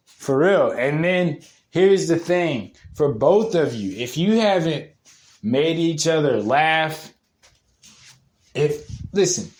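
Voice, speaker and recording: A young man with a slightly high voice talks in a casual, rambling monologue. He swears freely and breaks into laughter often. A faint hiss sits under the recording. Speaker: podcast host.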